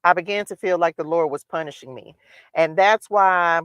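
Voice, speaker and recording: A woman's voice: lowish voice, normal speed, a bit bright, clear, resonant tone, no echo. A woman hosting a livestream, giving a candid spiritual motivational talk about her own faith, told in a repetitive, testifying way. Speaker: livestream host. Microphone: livestream microphone.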